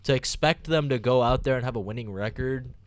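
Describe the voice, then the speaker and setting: A young man hosting a casual sports podcast, leading the talk with steady, rambling analysis. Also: mid-range voice, fairly quick. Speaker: podcast host.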